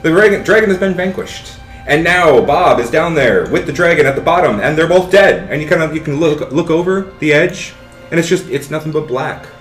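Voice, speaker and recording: Male game master, animated and profane, fairly high voice, echoey room with music. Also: a little fast. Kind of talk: narrating a tabletop game.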